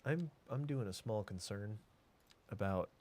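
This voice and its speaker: Low-voiced man chatting through a game. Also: expressive, measured pace, a little mellow. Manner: thinks aloud, answers chat, trails off into mutters. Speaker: streamer. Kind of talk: casual game commentary.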